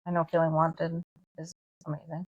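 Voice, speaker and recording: A woman's voice: low voice, completely flat delivery, normal speed, darkish tone, breathy edge, dull audio. A woman co-hosting a podcast in a casual, chatty way, often saying "like" and "you know". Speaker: podcast co-host. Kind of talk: casual chat.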